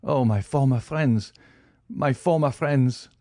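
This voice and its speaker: A man's voice: takes it slowly, mellow, dry recording, studio quality, lightly acted. A man voicing a starving old male banker held prisoner, pleading in a raised, desperate voice. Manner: desperate, high-pitched begging.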